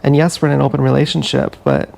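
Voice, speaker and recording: A man talks straight into an action camera in a long, rambling, confessional monologue. His voice is gravelly and fry-laden, and his pitch sits in the middle range. He restarts his sentences often as he goes. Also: little pitch movement, fast, darkish tone. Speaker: vlogger. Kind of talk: casual monologue.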